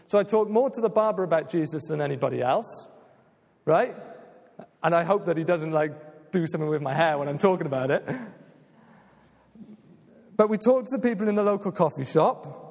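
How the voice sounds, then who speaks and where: A man preaching with earnest, emphatic conviction, his voice sitting a little higher than most men's. His words ring out with a long reverb tail, as if spoken in a large hall. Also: darkish tone. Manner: earnest, emphatic, repeats "just maybe" and "right?". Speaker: pastor. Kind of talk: sermon.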